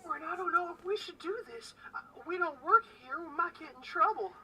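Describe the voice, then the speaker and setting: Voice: very high voice, animated, a little fast, pushed and bright, slight background noise, pitched above the performer's own voice, heavily acted. A game master voicing a doting, affectionate mother who calls everyone sugar. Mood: coaxing. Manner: sweet, calls people sugar. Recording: distant mic with faint background music.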